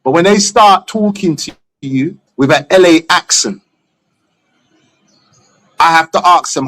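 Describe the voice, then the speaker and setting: A man's voice: on the high side, a little slow, pauses often, a bit bright. A man from England, a stream guest talking bluntly and opinionatedly, swearing freely. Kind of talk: casual chat on a live stream.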